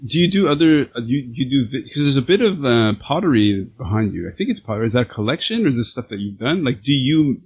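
A man hosting a podcast interview over a video call, talking in halting, restarting phrases that turn animated when he gets excited. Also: medium pitch, slightly rough, rough recording. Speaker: podcast host. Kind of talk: casual interview conversation.

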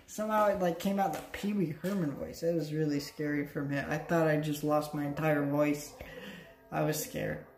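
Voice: mid-range voice, fairly even intonation, normal speed, a little mellow, slight background noise. A tired young adult vlogger talking casually at home late at night, rambling and self-mocking with frequent restarts. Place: at home, by a couch. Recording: roomy, echoey room.

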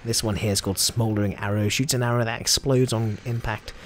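A man's voice: lowish voice, steady tone, brisk, a little hiss or hum. A man with an Australian accent giving chatty, jokey commentary over his own gameplay. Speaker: gameplay video host.

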